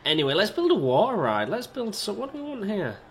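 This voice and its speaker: Animated man narrating his gameplay. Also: sits high, a little fast, a little hiss or hum. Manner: rambling, self-mocking, talks to game characters. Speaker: video game let's-player. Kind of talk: casual gameplay commentary.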